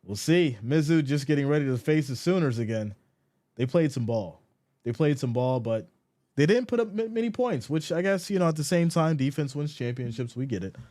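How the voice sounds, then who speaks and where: A man hosting a casual sports live stream, reading viewer comments aloud and answering them in an animated, mock-exasperated way. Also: a little high, brisk.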